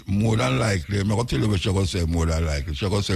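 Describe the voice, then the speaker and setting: A man's voice: fairly low pitch, racing, vocal fry, a little mellow, slightly rough. A man with a Jamaican accent hosting a radio talk, lecturing through rhetorical questions. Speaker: radio host.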